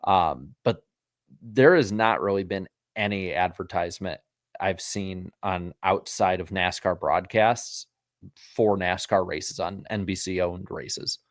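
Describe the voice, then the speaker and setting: Deepish guy on a racing podcast, casual opinions, dry mic. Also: measured pace, dry recording. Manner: conversational, throws in impressions of commentators. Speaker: podcast co-host. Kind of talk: casual chat.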